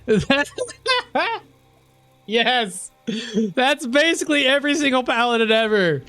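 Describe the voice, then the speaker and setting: A male game streamer talking through live gameplay in a loose, rambling way. He chuckles and swears casually as he goes. His voice sits a bit high for a man, and soft music plays underneath. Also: expressive, a little slow, pauses often.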